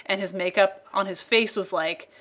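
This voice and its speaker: A woman's voice: mid-range voice, fairly even intonation, normal speed, a bit bright. An American woman telling a rambling story in casual chat, full of fillers and asides. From United States. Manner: chatty, rambling, lots of fillers.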